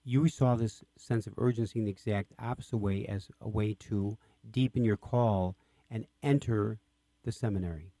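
A man with a lowish, mellow voice hosts an interview, recorded dry and close. He prompts his guest eagerly, asking questions and reacting with enthusiasm. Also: fairly even intonation, normal speed, dry recording. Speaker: radio interview host. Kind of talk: interview conversation.

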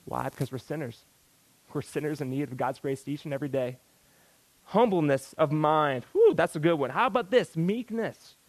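A man's voice: fairly high pitch, expressive, normal speed, no echo, rough recording. A man preaching a sermon in a folksy, exclamatory way, breaking into sudden outbursts.

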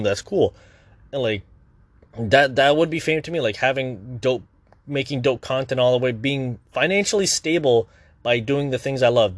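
A man's voice: medium pitch, dry recording. A young man talking through his worries in a candid, rambling vlog, swearing often. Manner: rambling, restless, swears a lot. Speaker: content creator. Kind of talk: candid personal vlog monologue.

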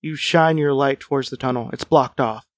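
A man's voice: medium pitch, moderate pace, dry recording, studio quality. A man reading a gamebook aloud as a podcast co-host, with wry asides and chuckles. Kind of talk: casual chat and read-aloud narration.

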